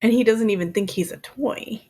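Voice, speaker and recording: A woman's voice: on the high side, normal speed, dark tone, slightly rough. A woman in her thirties co-hosting a podcast, chatting casually and laughing often as she recounts things. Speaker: podcast co-host. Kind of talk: casual chat.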